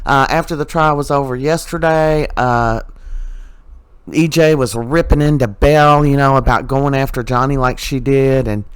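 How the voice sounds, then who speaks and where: A man's voice: mid-range voice, steady tone, normal speed, smooth, no echo. A man with a mid-range voice recaps the day's soap opera episode in a casual, chatty way. He fills his speech with "you know" and "uh" and drops in his opinions as he goes. The tone is conversational, like a regular catching his viewers up.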